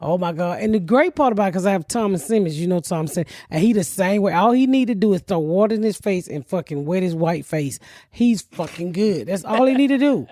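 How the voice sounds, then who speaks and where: A woman's voice: medium pitch, animated, brisk, mellow, no room sound, clean studio sound. A middle-aged woman hosting a podcast, telling stories in a brash, profane way with lots of laughter. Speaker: podcast host. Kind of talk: casual podcast chat.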